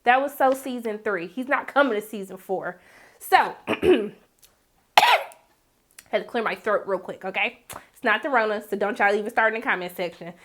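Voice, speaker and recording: A woman's voice: medium pitch, a little fast, a bit bright, slight background noise. A woman giving a casual TV episode recap, sassy and blunt, with slangy asides.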